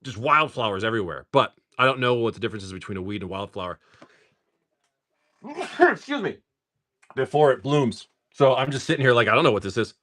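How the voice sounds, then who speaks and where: A middle-aged man talks casually on a live stream, cracking dad jokes and laughing often. He reads out card names as he opens packs and drops in the odd swear word. His voice sits at an everyday middle pitch. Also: very animated, a little fast, long pauses, a bit bright. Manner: rattles off card names while opening packs.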